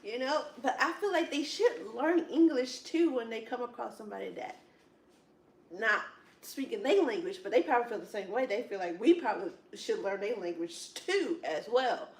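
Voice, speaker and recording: A woman in casual chat at a Bible study, telling rambling, animated stories with lots of "it's like, wow.". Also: a little high, moderate pace. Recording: echoey room, distant from mic.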